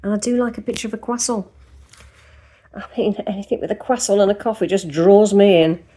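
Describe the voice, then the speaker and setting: Her mid-range voice is dark and husky, with fairly even intonation and a fairly quick pace. She's a lifestyle vlogger who rambles casually to camera, talking directly to viewers first indoors at home and then outside in a park.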